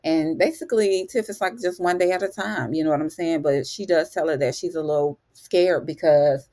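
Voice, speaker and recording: A woman's voice: sits low, normal speed, dark tone. A woman recapping a TV drama episode in a chatty, casual way, calling the listener honey and baby. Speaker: TV recap host.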